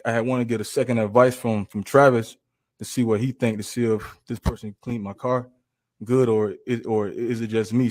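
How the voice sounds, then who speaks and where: A young man testifying in court, hesitant and halting, with many restarts. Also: fairly low pitch, darkish tone, no room sound. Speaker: trial witness.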